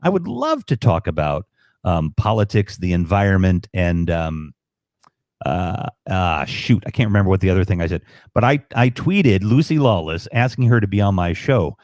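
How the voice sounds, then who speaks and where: A man, tired but animated, rambling through his stories with many ums. His voice sits fairly low but swings widely in pitch. It is dry and close, with no room sound. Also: moderate pace, no echo. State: tired, up past bedtime. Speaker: guest on livestream. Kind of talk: casual chat.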